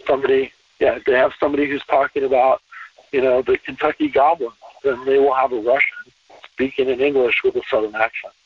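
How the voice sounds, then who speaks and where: A man talking as a podcast guest in a relaxed conversational interview, emphatic and repeating phrases to drive points home. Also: medium pitch, a little fast, background noise. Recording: distant, tinny phone-line sound.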